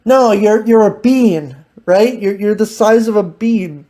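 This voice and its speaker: A woman's voice: mid-range voice, a little slow, mellow. A woman hosting a casual improvised chat, teasing and laughing often. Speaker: host.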